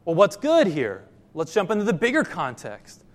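A man's voice: high voice, wildly swooping pitch, moderate pace, big-room sound. A man preaching a sermon as pastor, asking the congregation questions and repeating phrases for emphasis.

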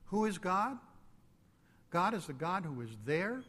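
A man preaching a sermon, slow and emphatic, dropping suddenly to a hush. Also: sits high, big pitch swings, breathy edge, in a large hall. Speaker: pastor.

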